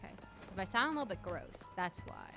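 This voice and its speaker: A woman's voice: lowish voice, huge pitch swings, quick pace, gravelly, music in the background. A woman streamer chatting casually over a game, her voice stuffy from congestion, rambling and talking to her chat. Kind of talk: casual gameplay commentary.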